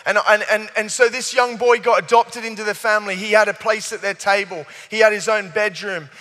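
A man's voice: high voice, steady tone, a little fast, sharp tone. A man preaching at a youth service. He is eager and earnest and keeps stumbling into restarts. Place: large church hall. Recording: long hall reverb.

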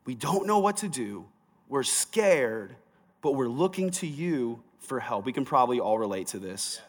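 A pastor preaching a sermon, reading scripture and then talking it through in a conversational, sometimes emphatic way. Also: male voice, medium pitch, a bit bright, in a large hall.

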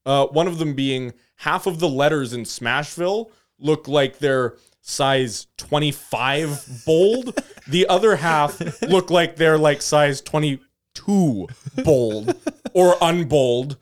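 A man with a somewhat high voice co-hosts a casual sports podcast. He teases his partners and picks things apart with animated, chatty criticism. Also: takes it slowly. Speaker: podcast co-host.

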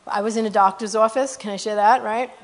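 A middle-aged woman guest preacher telling testimony stories in a sermon, animated and rising to loud exclamations. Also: medium pitch, a little fast.

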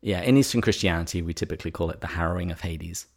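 This is a man, co-hosting a relaxed podcast conversation. His voice sits quite low, and his delivery is wry and playful. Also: quick pace, gravelly. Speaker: podcast co-host. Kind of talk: casual podcast chat.

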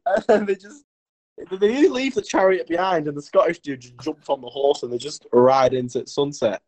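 A man's voice: on the high side, moderate pace, a little mellow, poor audio. A young man co-hosting a podcast, telling a rambling comic story with lots of giggles. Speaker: podcast co-host.

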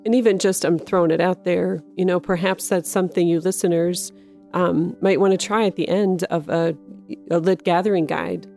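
A woman co-hosting a faith podcast, making gentle suggestions to listeners with playful asides. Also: lowish voice, fairly even intonation, moderate pace, vocal fry, soft background music. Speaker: podcast co-host. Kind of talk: casual faith discussion.

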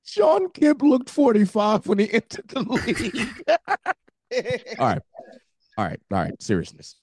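Male podcast co-host, lively pitch, casual banter, dry close-mic sound. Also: slow pace, husky, dry recording. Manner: animated, laughs often, jumps in. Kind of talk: casual chat.

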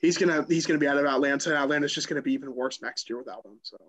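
Fairly high-voiced teasing man. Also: fairly bright tone, low-quality recording. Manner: quick, teasing, restarts lines. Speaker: sports podcast co-host. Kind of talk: casual sports banter.

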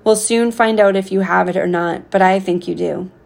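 A woman reading a caring, firm father's lines as he calmly advises his young son. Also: mid-range voice, moderate pace, creaky, lightly acted. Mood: advising. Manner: calm, steady advice.

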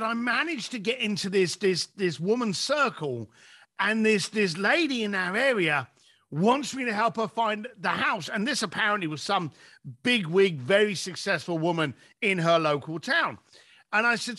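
Animated high-voiced man coaching. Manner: animated storytelling, acting out clients' lines. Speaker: business coach. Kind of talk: podcast conversation.

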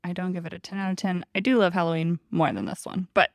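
A woman's voice: fairly low pitch, steady tone, quick pace, creaky, dry recording, studio quality. A woman co-hosting a podcast in casual chat, laughing often and saying "like" a lot. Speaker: podcast co-host.

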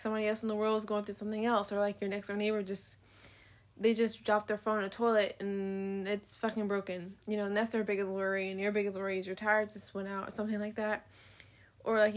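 A nineteen-year-old woman hosts a casual solo podcast, her medium-pitched voice fairly bright in tone. She rambles with lots of fillers, swears freely, laughs at herself, and says she has a slight lisp.

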